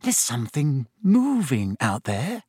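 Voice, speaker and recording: A man's voice: mid-range voice, wildly swooping pitch, takes it slowly, dark tone, breathy edge, dry recording, clean studio sound, full character voice. A man voicing a hungry, restless teenage boy who talks in an eager, blunt way. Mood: uneasy.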